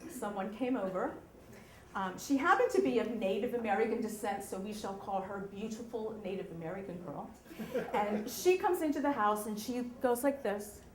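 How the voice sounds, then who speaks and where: A woman telling a true story live on stage, animated, often checking in with the audience. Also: medium pitch, moderate pace, roomy sound.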